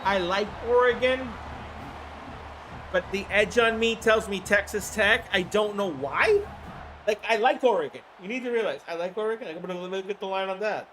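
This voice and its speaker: A man with a hoarse throat hosting a livestream, giving casual play-by-play commentary in an excitable, chatty way with casual swearing. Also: high voice, moderate pace, slight background noise. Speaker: livestream host.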